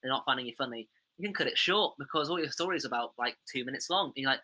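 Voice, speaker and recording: A man's voice: medium pitch, animated, rapid-fire, sharp tone. A man talking casually as a comedy podcast guest, rambling and self-deprecating with many fillers. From England.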